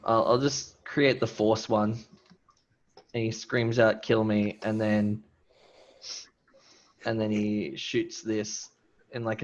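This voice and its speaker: Slow-talking guy playing tabletop, rambles and chuckles, kinda muffled lo-fi mic. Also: fairly low pitch. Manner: rambling, laughs between lines. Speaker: player. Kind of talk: casual tabletop game play.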